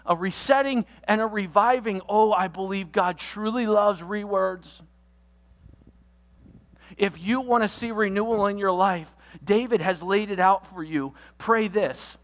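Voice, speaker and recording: A pastor giving a sermon, walking through a numbered list of alliterative points with energetic delivery and sudden loud outbursts. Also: mid-range voice, long reverb tail. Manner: lists points with alliterative words.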